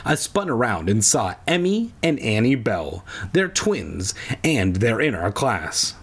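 Husky man reading with sarcastic asides. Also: lowish voice, big pitch swings, takes it slowly, a bit bright. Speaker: comedic reader. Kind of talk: irreverent book reading with asides.

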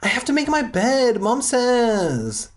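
A man voicing a bossy, whiny younger brother who yells and whines in a shrill voice. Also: big pitch swings, slow, exaggerated voice. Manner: shrill whining yelps.

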